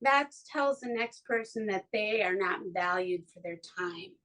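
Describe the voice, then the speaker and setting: A woman's voice: mid-range voice, animated, unhurried, fairly bright tone, poor audio. Effusive woman hosting a podcast. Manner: effusive, emotional, rambling with many restarts. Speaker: podcast host. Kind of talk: casual chat. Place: home studio.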